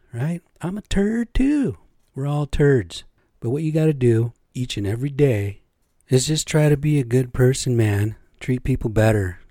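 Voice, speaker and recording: A middle-aged man talks through a casual solo podcast, wandering from point to point with plenty of cursing and rhetorical questions. His voice is mellow and dark, at an ordinary pitch. The cheap home mic gives a dry, close sound. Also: dry recording. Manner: rambling, profane, rhetorical questions. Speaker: podcast host. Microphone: cheap home podcast setup.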